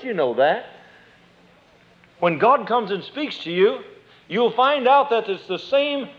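A middle-aged man preaching a folksy sermon, quoting scripture and acting out little inner conversations. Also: a little high. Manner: folksy, acts out inner dialogues, quotes scripture. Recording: dull lo-fi sermon tape.

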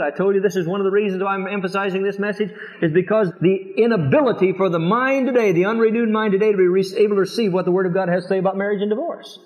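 A middle-aged pastor with a high-pitched voice preaches, slipping into quoted voices and pressing rhetorical questions on his flock. He sounds as if he is in a large church sanctuary, with a long echo trailing each phrase. The tape is dull and lo-fi. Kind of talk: sermon. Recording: dull lo-fi recording with long hall reverb.

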